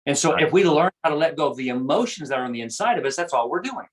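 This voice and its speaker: This guest speaker on self-awareness has a slightly high voice with lively intonation, and he talks rapid-fire over poor audio. Earnest and conversational, he works through his ideas while repeating himself frequently.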